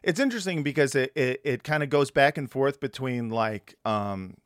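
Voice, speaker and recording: A man's voice: mid-range voice, lively intonation, normal speed, clear, resonant tone, no room sound, studio quality. A man hosting a podcast in casual chat, hesitant and wry, with many fillers. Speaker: podcast host.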